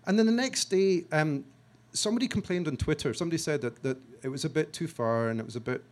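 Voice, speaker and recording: A man from Scotland telling a story to an audience, self-mocking and halting, with frequent restarts, acting out what other people said. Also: on the high side. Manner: halting restarts and repeated words. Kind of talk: storytelling talk.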